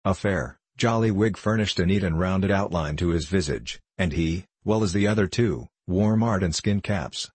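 A man narrating a classic novel in a measured, even way. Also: sits low, husky, no echo. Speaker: audiobook narrator.

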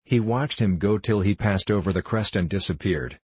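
A man reads a story aloud in a measured, even way. His voice sits very low with a husky grain, and the sound is close and dry with no room around it. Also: dry recording. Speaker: audiobook narrator. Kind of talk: scripted narration.

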